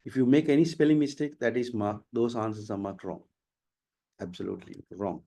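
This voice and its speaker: Mellow-voiced Sri trainer. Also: male voice, on the low side, brisk, vocal fry. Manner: emphatic, explanatory, repeats key words. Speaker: IELTS trainer. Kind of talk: webinar teaching answers. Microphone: online webinar mic.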